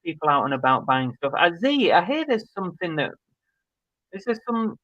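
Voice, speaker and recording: A man's voice: on the high side, big pitch swings, normal speed, sharp tone, dry recording. Laid-back man chatting on a stream. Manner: chatty, laid-back, thinking aloud with fillers. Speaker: co-host of a live reselling chat show. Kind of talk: casual live-stream chat, reading viewer comments. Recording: dry, slightly dull stream audio.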